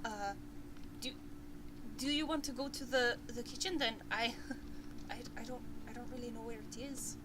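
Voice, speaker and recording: A woman voicing a shy young dwarf boy who stammers softly and apologizes. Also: fairly high pitch, moderate pace, long pauses, noisy background, close to an everyday voice. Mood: timid.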